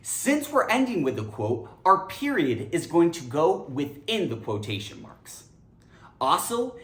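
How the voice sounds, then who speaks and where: A woman giving a scripted grammar lesson, animated and emphatic. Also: sits low, echoey room. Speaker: English grammar teacher.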